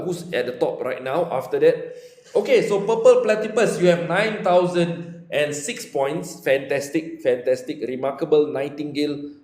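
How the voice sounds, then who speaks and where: A man's voice: fairly high pitch, darkish tone. A young man with a Singaporean English accent, tutoring maths on a casual live stream and joking with viewers as he goes. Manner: chatty, joking asides to viewers. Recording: echoey room with faint music.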